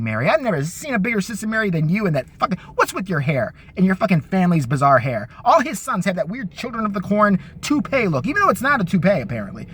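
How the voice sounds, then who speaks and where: A man ranting fast and angrily about politics, swearing constantly and mocking his targets. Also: high voice, a bit bright, slightly rough, dry recording. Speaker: vlogger. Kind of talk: profane political rant.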